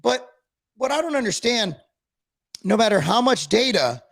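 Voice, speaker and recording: High gravelly man ranting mockingly. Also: big pitch swings, normal speed, a bit bright. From Tennessee. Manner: sarcastic, mocking rant. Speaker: podcast co-host. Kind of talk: ranting live-stream talk.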